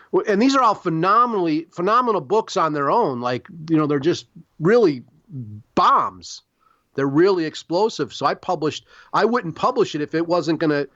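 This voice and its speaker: A middle-aged man from Chicago talks in a loose, profane ramble, filling his sentences with "like" and "you know". His voice sits high for a man. The recording is dry and a little dull. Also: a bit bright, no room sound. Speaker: podcast guest, publisher. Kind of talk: casual interview storytelling.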